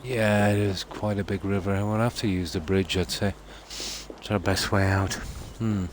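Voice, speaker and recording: A man's voice: lowish voice, fairly even intonation, normal speed, a little hiss or hum. A man giving casual commentary while playing a game, musing aloud and trailing off with ums. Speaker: game streamer.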